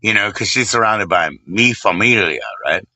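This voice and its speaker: A man's voice: fairly low pitch, moderate pace, pushed and bright, no echo. A middle-aged man streaming live, rambling in casual chat, crude and joking, teasing his chat in a sing-song voice.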